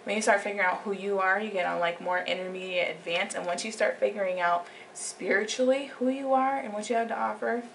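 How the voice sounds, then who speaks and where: Gravelly young woman vlogging. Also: medium pitch, quick pace, hardly any pauses. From United States. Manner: animated, drops into whispered asides and acted quotes. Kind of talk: casual vlog talk. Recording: distant mic with faint background noise.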